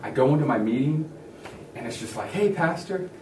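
A man preaching a sermon as a pastor, telling a story with lively acted-out voices of others. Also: medium pitch, fairly quick, slight background noise. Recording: echoey room from a distance.

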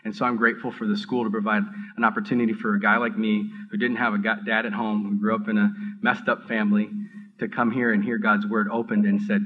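Middle-aged guy sharing his faith story, earnest, lots of restarts, kinda muffled lo-fi sound. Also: lowish voice. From Minneapolis area. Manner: earnest, halting, with many restarts and rising excitement. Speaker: seminary student giving testimony. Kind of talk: personal testimony talk.

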